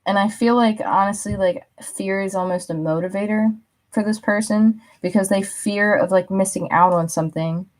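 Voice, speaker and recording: A woman's voice: mid-range voice, fairly even intonation, moderate pace, darkish tone. A young woman giving a casual spoken tarot reading, chatty with many fillers, laughing often and acting out little quotes. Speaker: tarot reader.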